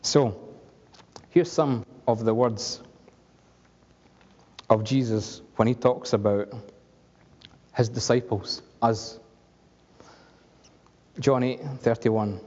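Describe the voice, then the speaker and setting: Man, sermon, husky mellow voice, long hall reverb, dull lo-fi sound. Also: mid-range voice, steady tone, slow pace, pauses often. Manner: conversational, humorous, asks the congregation questions. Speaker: preacher.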